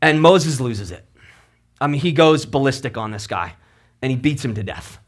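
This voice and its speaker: A male pastor telling a story in a sermon, animated and conversational, dropping suddenly to low, hushed moments. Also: moderate pace.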